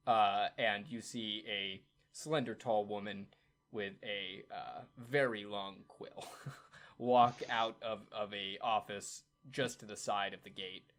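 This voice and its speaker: A man's voice: lowish voice, a bit bright. A man co-hosting a show and narrating as game master of a tabletop game, upbeat and chatty. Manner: upbeat, chatty, many fillers.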